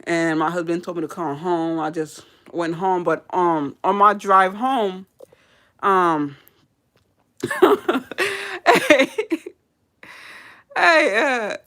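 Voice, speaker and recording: A woman's voice: on the low side, extremely slow, pauses often, fairly bright tone. A woman hairdresser telling a personal story in a casual, candid way to a live audience, laughing and swearing as she goes.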